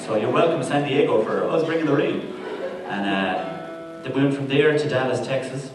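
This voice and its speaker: A man's voice: mid-range voice, normal speed. Man, from Ireland, out of breath, self-mocking stage banter, distant mic, very echoey venue. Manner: chatty, self-mocking, laughing. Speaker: touring band member. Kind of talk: stage banter between songs. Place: live music venue. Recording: echoey live room from far off, loud music.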